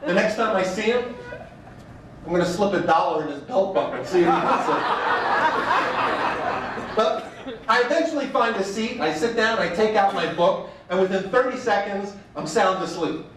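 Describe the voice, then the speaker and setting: A man giving a comic speech, telling wry, animated stories with mock quotes. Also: high voice, normal speed, long pauses, noisy background. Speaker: speaker. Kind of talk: stand-up style speech. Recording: echoey room, mic far off.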